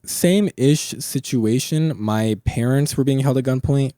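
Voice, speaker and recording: A man's voice: mid-range voice, measured pace, dark tone, dry recording, studio quality. A young man hosting a podcast, telling long rambling stories in casual chat, full of swearing and filler words. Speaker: podcast host.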